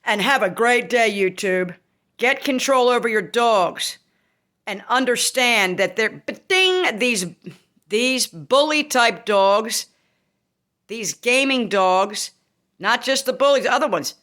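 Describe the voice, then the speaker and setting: A woman ranting angrily and emphatically to her audience, swearing freely and breaking into sudden shouts. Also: a little high, slow. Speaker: vlogger. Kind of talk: angry rant to camera.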